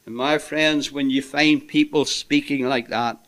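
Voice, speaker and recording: Male preacher, slow deliberate delivery, impassioned sermon with hushed asides. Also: medium pitch, steady tone. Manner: impassioned, swinging between loud emphasis and hushed asides.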